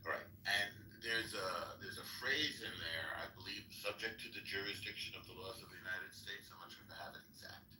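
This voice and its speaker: A man's voice: low voice, a little fast, few pauses, pushed and bright. A man joining a live-stream debate, hesitant and stumbling over his words. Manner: hesitant, restarts and repeats words. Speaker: guest debater. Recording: echoey distant audio with faint noise.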